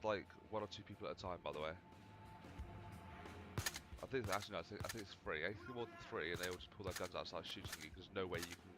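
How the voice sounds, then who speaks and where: A man's voice: low-pitched, background noise. A man casually commentating over his gameplay in a rambling, chatty, self-mocking way. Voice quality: slightly overdriven mic. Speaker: gaming video host.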